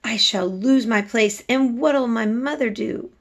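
A woman reading aloud and voicing an anxious young housemaid, in a high, loud, pleading voice. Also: moderate pace. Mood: frightened.

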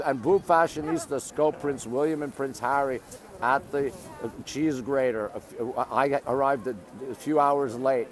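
A Canadian man hosting a live phone stream outdoors, greeting viewers and reading their comments aloud in chatty bits. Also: mid-range voice. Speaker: livestream host. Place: outdoors on monument steps in a busy city. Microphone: phone held while streaming.

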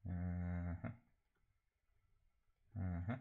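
A man's voice: deep voice, lively intonation, takes it slowly, vocal fry, pauses often, phone-quality sound. A man chatting casually while painting on a live stream, rambling and self-deprecating, laughing often.

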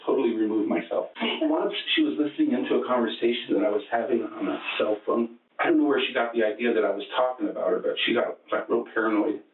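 A man recounting events in a police interview, rambling and halting with many restarts. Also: medium pitch. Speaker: interrogation suspect. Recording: echoey, distant, phone-like interrogation room audio.

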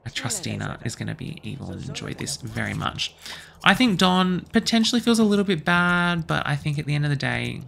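A young man chatting excitedly through a life-sim game as host, gossiping about the drama. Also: a little high, brisk, gravelly. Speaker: let's play host. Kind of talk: gameplay commentary.

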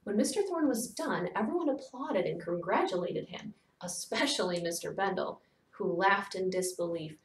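A woman narrating a children's novel aloud, in steady storytelling that softens to near whispers. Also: mid-range voice, normal speed. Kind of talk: children's book read-aloud. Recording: echoey room, distant mic.

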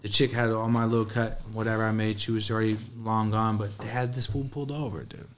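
A man's voice: fairly low pitch, flat delivery, fast. A man, a guest telling a casual, streetwise story full of profanity. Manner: streetwise, profane, laid-back.

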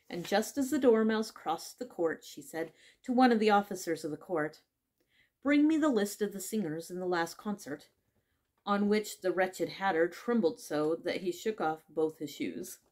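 A woman reading a classic children's story aloud in measured narration. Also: mid-range voice, darkish tone. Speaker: audiobook reader.

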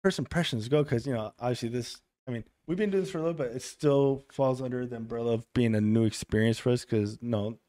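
A man's voice: mid-range voice, fast, few pauses. A man, an author guest on a podcast, telling stories casually, stammering and restarting, and acting out the voices of people he quotes. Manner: animated storyteller who acts out quoted dialogue.

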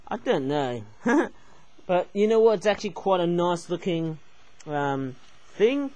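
A man's voice: high-pitched, poor audio. A man reviewing handmade toys in a casual, rambling way, often tagging "eh?" and "obviously" onto his sentences. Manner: excitable, rambling, peppered with "eh?" and "obviously". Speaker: toy reviewer. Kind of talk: casual toy review vlog.

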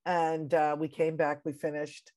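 An American woman, a Broadway composer and musical director, chatting as a guest on a video-call interview in a halting, conversational way. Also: deep voice, level tone, a little mellow. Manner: conversational, halting, with trailing phrases. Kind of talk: casual interview chat.

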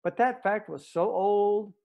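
A man's voice: high voice, unhurried, creaky, darkish tone. An actor playing a stubborn old space ranger who narrates his own story in an audio drama, blunt and plainspoken. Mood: brooding. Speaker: narrator and lead character.

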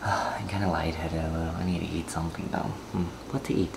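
A man chatting to his camera for a daily vlog, rambling and complaining, with bursts of excitement. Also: deep voice, fast talker, creaky, heavy background noise. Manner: rambling, talks to camera, drifts between mumbling and excited outbursts. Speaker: vlogger. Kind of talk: casual vlog chat. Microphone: handheld camera.

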